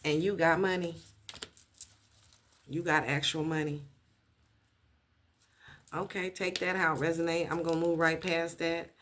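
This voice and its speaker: A woman's voice: low voice, little pitch movement, a little slow, pauses often, a bit bright, slight background noise. A woman giving a casual tarot reading, blunt and profane, repeating her points for emphasis. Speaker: tarot reader.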